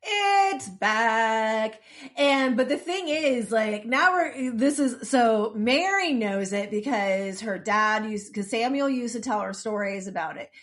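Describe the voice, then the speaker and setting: A woman's voice: on the high side, expressive, unhurried, hardly any pauses. A woman co-hosting a podcast, casually recapping an episode with wry asides. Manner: chatty, wry asides, frequent restarts. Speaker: podcast co-host.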